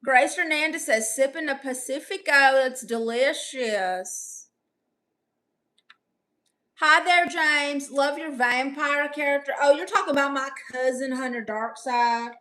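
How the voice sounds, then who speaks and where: A woman's voice: high-pitched, unhurried, bright, forceful tone. A young woman live-streaming, reading viewer comments aloud and firing back sassy, brash comebacks.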